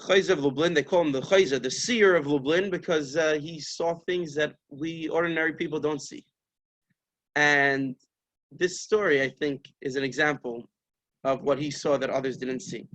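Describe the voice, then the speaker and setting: A man, a rabbi, giving a sermon as an animated storyteller who acts out the figures of the story with Yiddish-flavored phrasing. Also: a little high, moderate pace.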